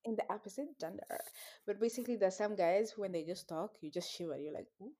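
A woman's voice: medium pitch, fast talker, mellow. A young woman co-hosting a casual podcast, teasing playfully and laughing often. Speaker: podcast co-host. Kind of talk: casual chat.

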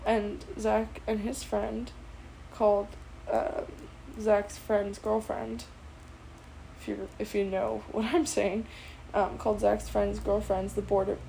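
A woman's voice: mid-range voice, level tone, slow, gravelly, warm tone, a little hiss or hum, rough recording. A teenage girl casually telling a personal story, chatty and bubbly, full of fillers and quoted dialogue.

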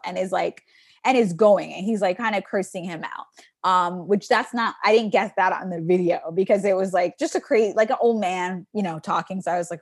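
A woman's voice: mid-range voice, fairly quick, no room sound, clean studio sound. A young woman co-hosting a podcast, telling a story casually and acting out the people she quotes. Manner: animated storytelling, acts out quotes. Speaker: podcast co-host. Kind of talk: casual chat.

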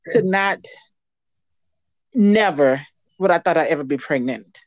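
Animated woman telling a candid story. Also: deep voice, a little slow, no room sound. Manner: lively, animated, acts out quoted voices. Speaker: radio guest.

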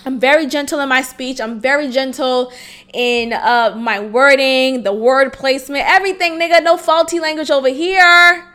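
High, bright-voiced woman in her twenties. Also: steady tone, moderate pace. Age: 20s. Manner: frank and casual, swearing freely and breaking into laughter. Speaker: podcast host. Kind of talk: candid solo podcast storytelling.

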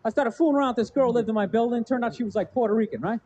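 A man's voice: very high voice, racing, a little mellow, husky, dull audio. A man from the American suburbs telling a rambling stand-up story on stage, full of "you know what I mean". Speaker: stand-up comedian. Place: comedy stage with a live audience.

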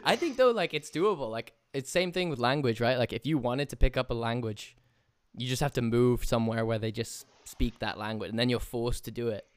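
A young man chatting casually with a friend, relaxed, laughing often and swearing freely. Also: medium pitch, fairly quick, clear, resonant tone, no room sound, clean studio sound. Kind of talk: casual chat.

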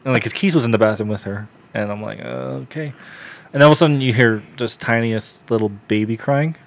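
A man's voice: mid-range voice, a little fast, gravelly. A man telling a story on a casual podcast, swearing often, laughing, and acting out what people said to him. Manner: profane, laughing, quotes himself and others.

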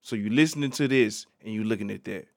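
A man's voice: lowish voice, quick pace, creaky, slight background noise. A man hosting a casual solo podcast, talking in a laid-back, slangy way and peppering his talk with "man". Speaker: podcast host.

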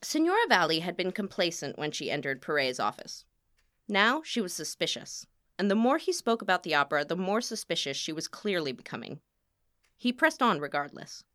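A woman narrating a short story in a measured, expressive reading. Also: fairly low pitch, no room sound, clean studio sound. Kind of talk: audiobook narration.

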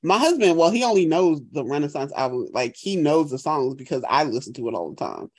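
A woman co-hosting a podcast in casual chat, telling stories animatedly and acting out quotes in high voices. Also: sing-song, brisk, darkish tone, breathy edge. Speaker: podcast co-host.

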